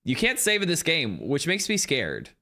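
A man chatting casually with viewers on a live stream from home, rambling and excitedly thanking people. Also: a little high, moderate pace.

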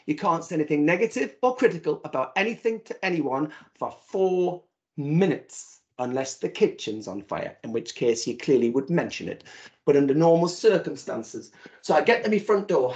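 A man's voice: high-pitched, a little mellow. A man giving a talk, telling a comic story from his marriage and acting out the voices. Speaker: speaker. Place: virtual event.

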